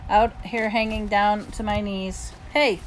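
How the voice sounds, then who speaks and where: A woman's voice: medium pitch, fairly even intonation, moderate pace, darkish tone, a little hiss or hum, poor audio. Woman reading a novel aloud. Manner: plain, easygoing first-person storytelling. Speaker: audiobook reader.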